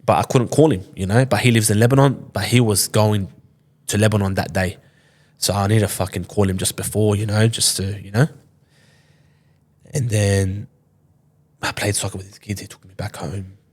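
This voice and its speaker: Speaking at normal speed with long pauses, a twenty-something Australian from Sydney uses a lowish voice with fairly even intonation. He's a podcast guest recounting a story casually, cursing a lot and acting out quoted lines.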